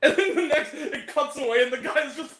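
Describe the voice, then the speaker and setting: A man hosting a casual chat about movies, animated and laughing often, acting out quoted lines. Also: extremely high pitch, brisk, reverberant, low-quality recording. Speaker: channel host.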